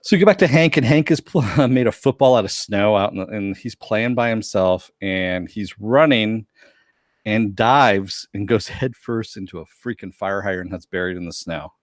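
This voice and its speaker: A man casually recapping a TV episode with a co-host, animated, laughing often and acting out quotes. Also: lowish voice, normal speed, no echo, studio quality. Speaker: podcast co-host.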